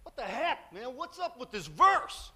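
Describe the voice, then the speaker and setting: A man preaching puts on an excited male college classmate who yells across a hall in loud, incredulous disbelief. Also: very high voice, a little slow, voice pushed up, exaggerated voice.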